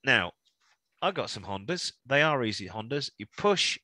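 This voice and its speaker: Lively, bright-voiced male podcast co-host. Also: mid-range voice, moderate pace, dry recording. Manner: chatty, jokey, rambling with restarts. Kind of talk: casual chat.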